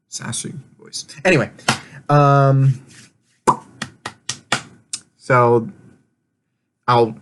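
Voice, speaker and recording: Man, medium pitch, casual rambling recap, laughs and swears freely. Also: a bit bright, slight background noise. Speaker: vlogger recapping an online game.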